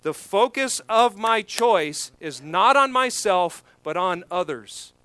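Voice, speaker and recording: A man preaching an expository sermon, emphatic, swelling louder on key points. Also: high-pitched, lively intonation, slow pace, clean tone, no echo. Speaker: pastor.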